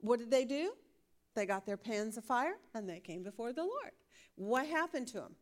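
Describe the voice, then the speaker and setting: Woman Bible teacher, higher voice, lively and questioning, laughs readily. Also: moderate pace. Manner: lively, laughs often, asks the class questions.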